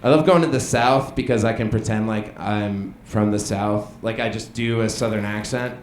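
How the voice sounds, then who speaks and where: A young man doing a deadpan observational stand-up comedy set on a small bar stage, with some crowd work. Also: lowish voice, normal speed, a little hiss or hum. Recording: echoey bar room with ambience.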